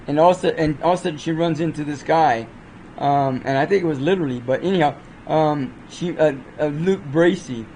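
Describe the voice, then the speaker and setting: A man's voice: fairly high pitch, a little mellow, a little hiss or hum, low-quality recording. A man casually reviewing movies off the cuff, rambling with many fillers and restarts.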